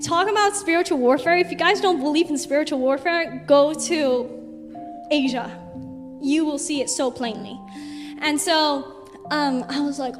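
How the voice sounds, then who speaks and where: A woman's voice: sits high, normal speed. A young woman, a missionary, chattily telling stories over a slideshow with lots of "like" fillers. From United States. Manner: chatty, animated storyteller with many "like" fillers. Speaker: missionary speaker. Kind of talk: casual slideshow testimony to a congregation. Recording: reverberant hall with music behind.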